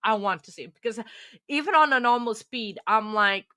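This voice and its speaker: A woman's voice: a little high, lively intonation, normal speed, pushed and bright, clear, resonant tone, no room sound. Chatty woman host, dry close sound. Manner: chatty, gushing, many fillers. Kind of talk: casual chat.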